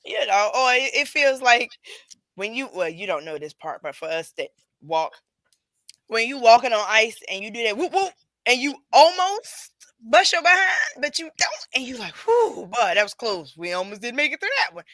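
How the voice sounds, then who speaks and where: A woman co-hosting a podcast in casual chat, playful and animated, often laughing. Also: fairly high pitch, moderate pace, dry recording. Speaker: podcast co-host.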